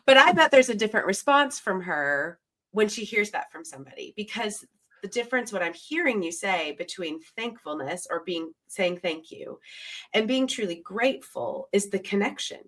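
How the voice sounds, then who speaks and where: A woman's voice: medium pitch, expressive, moderate pace, a bit bright. A woman hosting a podcast, reflecting on her guest's points and summing up what she hears. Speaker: podcast host and keynote speaker. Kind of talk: conversational podcast interview.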